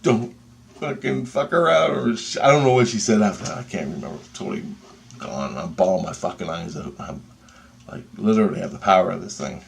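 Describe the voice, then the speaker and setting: A man telling a personal story in a casual, excitable and profane way, with pauses and restarts. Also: low-pitched, gravelly, slight background noise.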